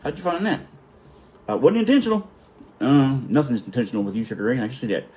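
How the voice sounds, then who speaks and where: A man's voice: mid-range voice, very animated, fast, dark tone, lightly acted. A man voicing his exasperated navy chief, scolding and cursing at a sailor. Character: gruff exasperated male navy chief, middle-aged.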